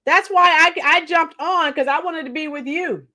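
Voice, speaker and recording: Hoarse teacher lady on a livestream, high bright voice, slow chatty rambling, singing along now and then. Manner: chatty, sings along to rock songs, greets viewers by name. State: hoarse, lost her voice from singing. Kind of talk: casual livestream chat with viewers.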